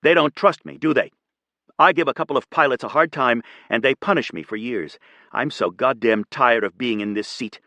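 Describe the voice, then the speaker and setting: A man doing a furious, shouting young copilot. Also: medium pitch, normal speed, no echo. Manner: shouting, angry and resentful. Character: hot-headed young male copilot, bitter.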